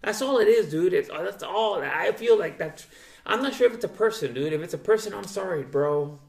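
A man's voice: high voice, expressive, normal speed, creaky, darkish tone. A man hosting a casual podcast chat, loose and profane, saying "dude" constantly. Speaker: podcast host. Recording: roomy echo.

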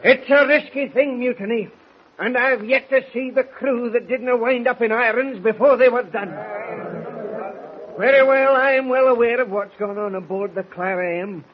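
A man's voice: very high voice, normal speed. An actor playing an older, stubborn Scottish sailor loyal to his captain, pleading earnestly in a 1940s radio drama, on a lo-fi old transcription with hiss. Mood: warning.

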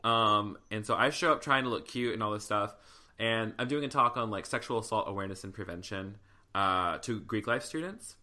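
A man hosting a podcast, chatting casually and telling stories in an animated, playful way. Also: lowish voice, brisk. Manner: animated, playful storyteller who gets emotional. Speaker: podcast host. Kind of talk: casual chat.

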